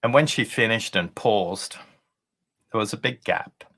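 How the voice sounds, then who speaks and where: A man's voice: on the low side, a little slow, fairly bright tone. A man, an author and guest on a leadership show, telling a story in an earnest, explanatory way over a video call. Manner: earnest, explanatory, acts out quoted dialogue. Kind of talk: conversational storytelling.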